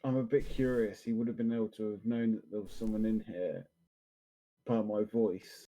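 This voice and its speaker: A man's voice: on the low side, fairly even intonation, moderate pace, dark tone. A man playing a text adventure as a podcast co-host, hesitant and unsure about what to do. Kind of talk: casual game play chat.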